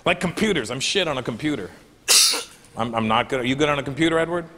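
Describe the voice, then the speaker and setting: A man's voice: medium pitch, lively intonation, fast talker. A man doing a stand-up comedy set, brash and profane, teasing the crowd. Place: live comedy venue with audience. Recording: echoey hall with audience noise.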